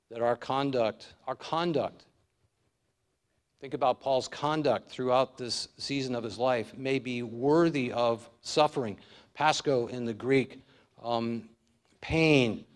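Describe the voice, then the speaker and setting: Man, pastor, expository sermon, earnest, emphatic, medium pitch. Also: slow pace, long pauses.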